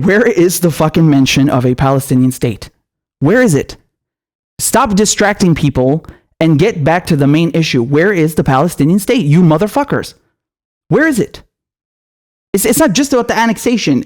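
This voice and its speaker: Young male commentator with a high voice. Angry, sarcastic, profane rant full of rhetorical questions. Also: a little mellow. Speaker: political commentator. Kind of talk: ranting political commentary.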